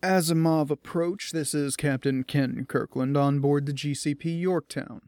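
A man's voice: on the high side, measured pace, darkish tone, no echo, clean studio sound. A man voicing a commanding male starship captain giving orders to his crew. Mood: firm. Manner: firm, commanding.

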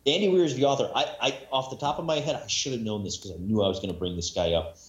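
A man's voice: medium pitch, fast talker. Man, casual rambling talker, echoey room with dull lo-fi sound. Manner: rambling, many restarts, self-mocking. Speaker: audiobook narrator guest. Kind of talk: casual podcast chat.

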